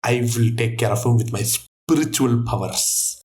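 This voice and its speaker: A man voicing a commanding male mystic healer who gives brisk, dismissive orders in a near-everyday voice. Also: medium pitch, darkish tone, natural voice.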